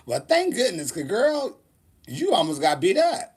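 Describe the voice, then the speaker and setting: Sassy, lively man vlogging. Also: a little high, normal speed, slightly rough. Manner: sassy, animated, laughs often. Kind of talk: casual storytelling vlog.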